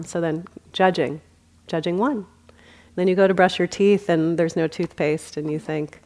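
A woman giving a dharma talk as a meditation teacher, speaking gently with light humor and frequent laughter. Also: lowish voice, moderate pace. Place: meditation center.

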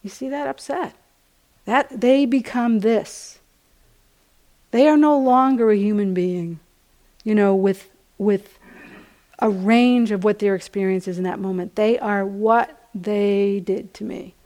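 A woman meditation teacher giving a gentle, conversational dharma talk at a retreat center, often saying "you know.". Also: medium pitch, steady tone, slow.

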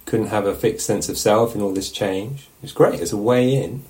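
A man teaching meditation, giving a relaxed, musing dharma talk at a retreat and often checking in with his listeners. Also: fairly low pitch, normal speed, poor audio. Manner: reflective, musing, asks questions of the listeners. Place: meditation hall.

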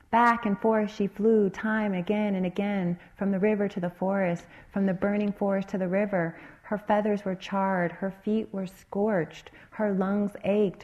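A woman meditation teacher telling a dharma story in an expressive, rhythmic way. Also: medium pitch, highs cut off.

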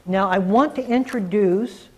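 A male meditation teacher speaks to a gathered group in a dharma talk. He is reflective and earnest. He often slows down and leans on single words for emphasis. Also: high-pitched, poor audio.

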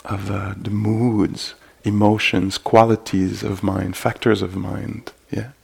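A man giving a meditation dharma talk at a retreat, halting and full of gentle fillers. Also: fairly low pitch, little pitch movement, gravelly, slightly rough. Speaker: meditation teacher.

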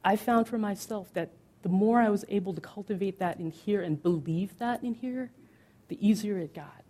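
A middle-aged woman from the United States gives a candid dharma talk as a meditation teacher. She talks conversationally with many fillers and slows down on key words. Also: mid-range voice, dark tone.

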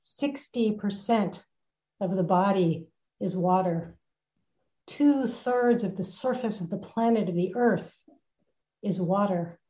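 Woman retreat teacher, unhurried and warm, gentle delivery, slightly dull lo-fi home recording. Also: mid-range voice. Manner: gentle, unhurried, laughs softly. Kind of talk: reflective retreat talk. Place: at home with a dog nearby.

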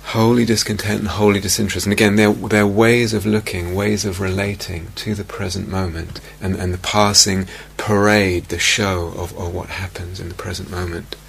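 A man giving a meditation teaching in a reflective, unhurried way, softly repeating key phrases. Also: deep voice, little pitch movement, gravelly, slight background noise. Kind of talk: dharma talk. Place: retreat meditation hall.

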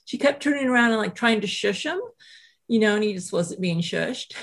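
A middle-aged woman, a guest author, telling a personal story in animated, self-deprecating conversation, acting out quotes. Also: medium pitch, a little fast, creaky.

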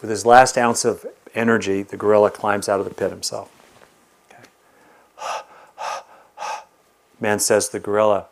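A man teaching a meditation class, telling stories in a lively, animated way. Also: lowish voice, moderate pace, long pauses. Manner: animated storyteller. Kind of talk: dharma talk with storytelling.

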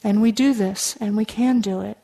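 A woman meditation teacher giving a dharma talk in an earnest, conversational way, with frequent fillers and soft asides. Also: mid-range voice, fairly even intonation, moderate pace, creaky.

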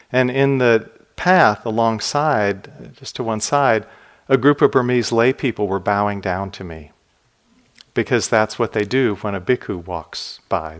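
Low-voiced man giving a gentle talk. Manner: unhurried storytelling, phrase ends drop soft and low; gentle, reflective delivery. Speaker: meditation teacher. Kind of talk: dharma talk with personal stories.

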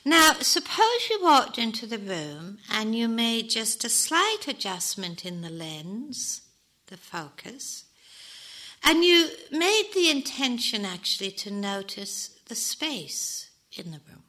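A woman meditation teacher giving a gentle, reflective dharma talk, with soft whispered asides. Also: a little high, sing-song, slow pace, rough recording.

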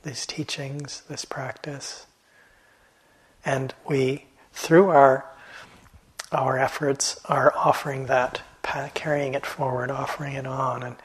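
A man teaching meditation in a gentle, reflective dharma talk, halting often and letting phrases trail off softly. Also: mid-range voice, little pitch movement, husky, poor audio. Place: meditation hall.

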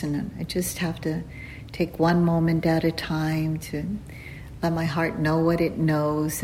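A woman meditation teacher giving a dharma talk in a gentle, unhurried way, with pauses and fillers and soft laughs at her own stories. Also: low-pitched, slight background noise, poor audio. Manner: laughs softly while telling stories. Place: retreat center hall.

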